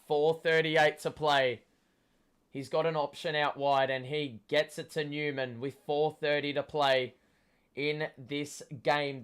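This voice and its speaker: A young man, hoarse from shouting, gives a live fan commentary of a football match, swearing and yelling at the play. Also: a little high. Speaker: watchalong host.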